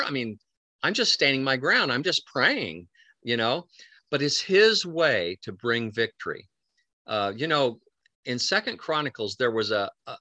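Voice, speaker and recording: A man preaching a sermon in an earnest, halting way, often restarting and quoting scripture. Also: medium pitch, bright, forceful tone, no echo.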